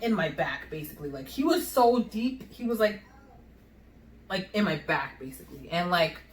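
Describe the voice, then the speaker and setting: A young woman with a New York accent telling a personal story in a casual, animated way, full of fillers and acted-out dialogue. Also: mid-range voice. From United States. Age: young adult. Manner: animated, swears, filler-heavy, acts out dialogue. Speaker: vlogger. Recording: echoey room.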